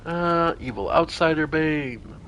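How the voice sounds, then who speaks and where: A man's voice: on the high side, slow pace, fairly bright tone, a little hiss or hum. A man streaming a role-playing game, thinking aloud with casual commentary and some swearing.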